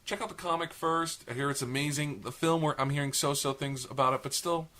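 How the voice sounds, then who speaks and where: A man's voice: fairly high pitch, a little fast, sharp tone. A young man co-hosting a casual podcast chat, talkative and a bit long-winded, self-deprecating. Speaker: podcast co-host.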